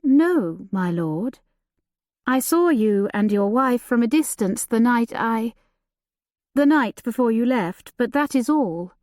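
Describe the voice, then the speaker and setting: A woman voicing a timid young governess who speaks hesitantly and quietly. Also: a little high, animated, takes it slowly, dry recording, studio quality.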